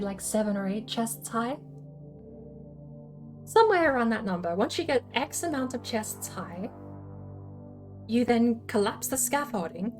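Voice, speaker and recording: A woman's voice: on the high side, darkish tone. A woman hosting a casual livestream, thinking aloud as she explains her game build ideas. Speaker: streamer host.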